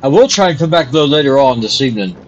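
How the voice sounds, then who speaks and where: A man's voice: medium pitch, sing-song, quick pace, lo-fi sound. A man casually commenting on his gameplay stream while coughing often and apologizing for it. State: coughing repeatedly.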